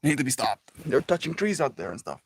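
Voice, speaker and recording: A man's voice: a little high, very animated, fast, gravelly, slight background noise. A young man chatting casually on a live stream, reading chat messages aloud and laughing often in a joking way.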